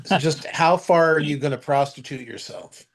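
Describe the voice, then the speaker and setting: Trivia-listing man, slightly high voice. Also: normal speed. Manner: lists trivia, stumbles and restarts. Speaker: podcast co-host. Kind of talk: casual chat about movies.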